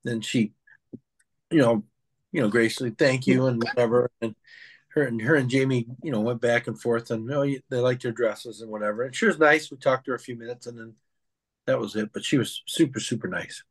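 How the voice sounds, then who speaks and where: A man's voice: medium pitch, a little fast. A man co-hosting a podcast, chatting casually and leaning on "you know" as he recounts things. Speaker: podcast co-host. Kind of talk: casual chat.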